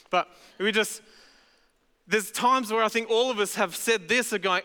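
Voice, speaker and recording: Australian male pastor, high clear voice, casual sermon delivery, echoey hall sound. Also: normal speed, pushed and bright. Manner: conversational, chatty with casual asides.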